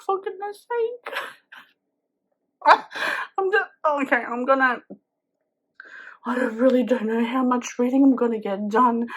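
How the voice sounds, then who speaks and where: A slow, unhurried woman vlogger talks about a book in a casual, rambling way, leaning on "like" as a filler. Her voice sits a little high. She is speaking at home at night. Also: fairly bright tone. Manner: chatty, rambling, many "like" fillers. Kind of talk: casual reading vlog chat.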